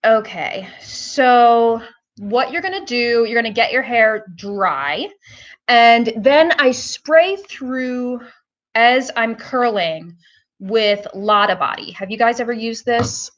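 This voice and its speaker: A woman's voice: fairly high pitch, lively intonation, takes it slowly, dull audio. A woman hosting a casual live-stream hair tutorial, chatting to her viewers with lots of fillers. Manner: chatty, filler-heavy, talks to viewers as "guys".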